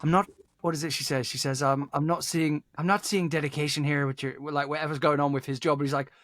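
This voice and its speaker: A man's voice: a little high, fairly even intonation, quick pace, a bit bright. A man co-hosting a movie podcast, chatting animatedly and retelling scenes with repeated words. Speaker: podcast co-host. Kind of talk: casual chat.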